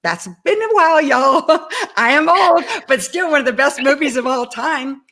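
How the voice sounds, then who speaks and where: Animated woman in her sixties telling stories. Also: sits high, moderate pace. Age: 60s. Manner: addresses the audience directly. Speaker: guest. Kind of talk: personal storytelling.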